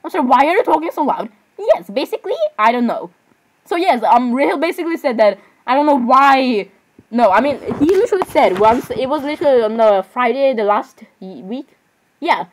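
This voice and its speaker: Excitable high-voiced teenage girl vlogger. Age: teens. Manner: excitable, exclamatory, quick shifts between giggly outbursts and mumbled asides. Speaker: reaction vlogger. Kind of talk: casual reaction commentary.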